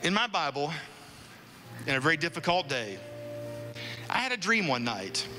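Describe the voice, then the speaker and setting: A middle-aged man giving an emphatic sermon as pastor in a church, shouting at the peaks. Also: on the high side, sing-song, moderate pace, in a large hall, slight background noise.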